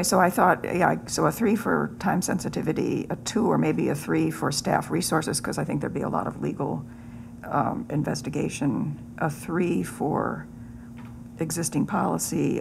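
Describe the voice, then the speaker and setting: A woman's voice: deep voice, creaky, background noise. A woman on a city committee, hesitant and thinking aloud, often repeating words as she talks. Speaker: committee member. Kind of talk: committee meeting discussion.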